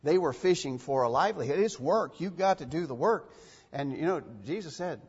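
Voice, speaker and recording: Husky preacher in an echoey hall. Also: male voice, fairly high pitch, expressive, a little fast. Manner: emphatic, repeats phrases for stress. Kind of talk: sermon. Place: church. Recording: dull, echoey church recording.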